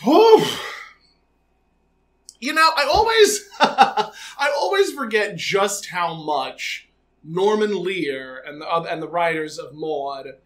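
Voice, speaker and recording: A podcast co-host recaps a TV episode in casual chat, full of fillers and frequent laughter. His voice is fairly high and fairly bright, very animated, though he takes it slowly.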